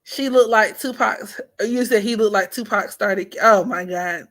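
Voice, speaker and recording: In an unhurried, medium-pitched voice with a fairly bright tone, a woman runs an astrology livestream. She chats casually, teases, laughs a lot, and occasionally drops to a near-whisper.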